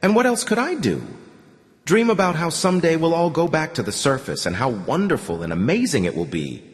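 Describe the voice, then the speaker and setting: A man's voice: fairly high pitch, sing-song, fairly quick, long reverb tail. A male audiobook narrator voicing a weary young woman who talks in blunt, bitter, short sentences. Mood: defiant. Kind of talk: audiobook dialogue reading.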